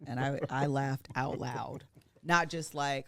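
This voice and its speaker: A woman guest on a podcast in casual chat, measured and thoughtful. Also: very deep voice, fairly even intonation, no echo.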